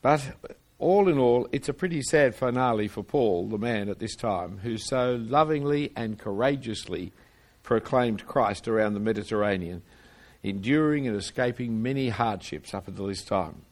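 A man's voice: on the low side, normal speed. A man preaching a sermon, reading scripture aloud and explaining it earnestly, often repeating words as he restarts phrases.

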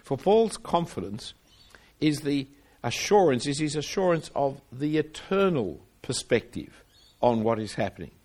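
A man preaching an expository sermon at a middle pitch. He reads scripture aloud and explains it earnestly, often restarting phrases and repeating words as he goes. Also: big pitch swings, a little slow, darkish tone.

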